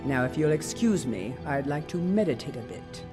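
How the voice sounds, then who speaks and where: A haughty, secretive dark elf man for a video game. He talks formally and turns indignant quickly, his voice pitched fairly high, with music playing clearly behind him. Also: sing-song.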